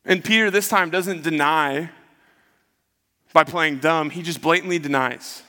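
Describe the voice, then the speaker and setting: A man's voice: on the high side, a little slow, sharp tone. A man preaching a sermon, retelling the story in a conversational way and acting out the quotes. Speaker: pastor. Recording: long hall reverb.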